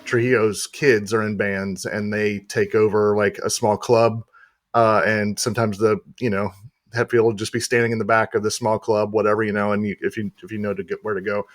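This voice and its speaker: A man appearing as a podcast guest, telling a story in a relaxed, rambling way with many fillers. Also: fairly low pitch, fairly quick, no room sound, clean studio sound. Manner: rambling, lots of uh and you know. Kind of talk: casual chat.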